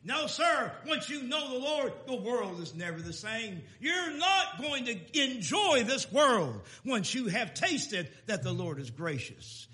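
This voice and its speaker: A man preaching a sermon in a folksy, emphatic way, swinging between loud declarations and quiet asides. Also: very high-pitched, sing-song, a little slow, hardly any pauses. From Texas.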